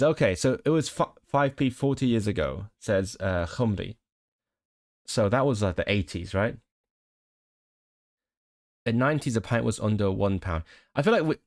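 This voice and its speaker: A man chatting casually with his live-stream viewers, rambling with frequent laughs and restarts. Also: mid-range voice.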